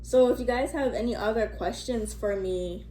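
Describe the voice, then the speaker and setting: A woman's voice: fairly high pitch, moderate pace, dark tone, slight background noise. A young woman telling a casual storytime vlog into her phone, rambling and chatty with lots of fillers and the odd curse word. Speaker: vlogger. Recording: echoey room, faint ambience.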